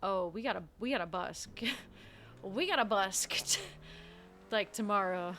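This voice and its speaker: A woman's voice: medium pitch, a little slow, long pauses, a bit bright, slight background noise. A young woman streaming a roleplay game, chatting casually, giggling often and muttering to herself. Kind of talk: casual gaming chat and in-character roleplay. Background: faint music.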